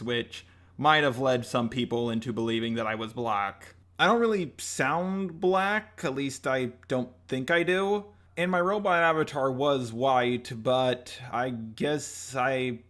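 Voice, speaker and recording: A man speaking earnestly and in measured terms, explaining himself as a commentator in an unscripted response video. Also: mid-range voice, a bit bright. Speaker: YouTube commentator.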